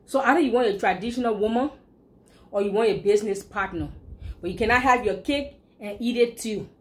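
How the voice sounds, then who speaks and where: Emphatic Liberian-accented woman, fairly high voice. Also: brisk. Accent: Liberian English. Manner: emphatic, scolding, rhetorical questions. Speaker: blogger. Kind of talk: opinionated commentary.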